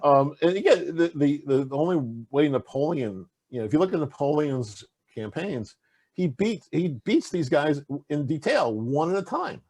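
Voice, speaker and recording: A man with a husky, slightly rough voice talks in a casual interview, his pitch swinging widely as he gets into his stories. He rambles, stacks fillers and restarts, and keeps circling back to his point. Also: normal speed. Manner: animated, rambling storyteller with many fillers and restarts. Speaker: interview guest, game designer.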